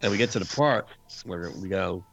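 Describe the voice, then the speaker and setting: A man casually telling a spooky story from his youth, animated and laughing, acting out his friends' screams. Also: deep voice, a little fast, creaky, breathy edge, highs cut off, faint music behind.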